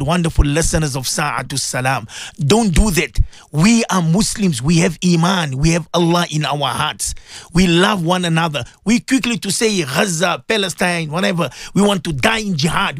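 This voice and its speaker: A man's voice: sits high, dry recording, clean studio sound. A man presenting a morning radio show, delivering an impassioned sermon-style talk with emphatic repeated phrases.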